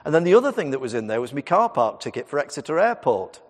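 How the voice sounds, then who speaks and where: Heard through long church reverb, this fifties-aged Methodist minister speaks fast in a somewhat high voice that swings widely in pitch, giving a conversational, story-driven sermon with jokes and remarks to his congregation.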